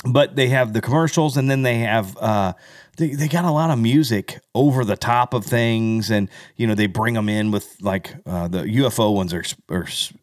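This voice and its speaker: A man with a lowish voice co-hosts a podcast at normal speed, recorded dry and in studio quality. His casual chat rambles, full of fillers and restarts.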